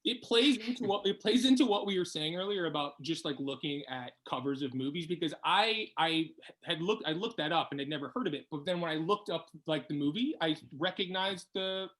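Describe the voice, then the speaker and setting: A host running a playful quiz, excitable and quick to laugh. The voice sits at a middle pitch as entries are read out.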